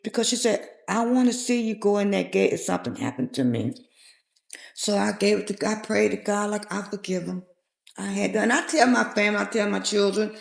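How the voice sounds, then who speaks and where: A woman's voice: medium pitch, expressive, a little fast, creaky. A middle-aged woman earnestly telling a heartfelt personal story as a podcast guest. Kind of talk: personal testimony in a podcast interview. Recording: echoey room.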